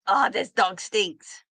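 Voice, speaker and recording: Hosting a casual live sale from her home, this middle-aged woman chats, laughs a lot, and greets viewers by name. Her mid-range voice sounds pushed, bright, and husky, and the recording is dry.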